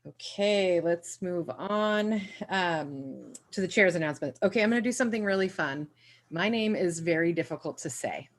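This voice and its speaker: A woman chairs a public commission meeting over a video call. She talks in a playful, teacherly way, and her voice sits a little low. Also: lively intonation, normal speed.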